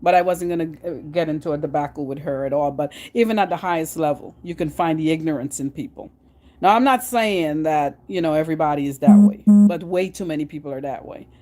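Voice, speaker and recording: A middle-aged woman from Guyana with a Guyanese accent, chatting to her vlog audience in an animated, storytelling way with frequent restarts. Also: sits low, brisk. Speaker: vlogger. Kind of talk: casual monologue.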